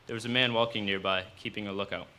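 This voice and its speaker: A man reading his own fiction aloud at a live cafe event, in steady storytelling narration. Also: lowish voice, fast talker, a little hiss or hum.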